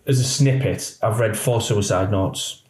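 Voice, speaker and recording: This middle-aged policeman speaks in a lowish, unhurried voice while telling his story frankly on a podcast. He brings it to life by performing each quoted voice, and the recording has an echoey room sound.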